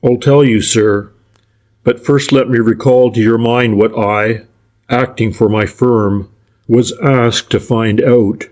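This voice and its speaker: A man's voice: mid-range voice, fairly even intonation, slow, a little mellow, close to an everyday voice. A man voicing a furtive, civil private detective in an audiobook, speaking in a polite, deferential and roundabout way. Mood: deliberate. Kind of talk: audiobook character reading.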